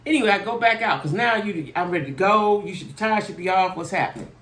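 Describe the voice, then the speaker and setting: A woman host casually telling her viewers a long, exasperated story in a chatty, animated way. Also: medium pitch, fast. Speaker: channel host. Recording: echoey room.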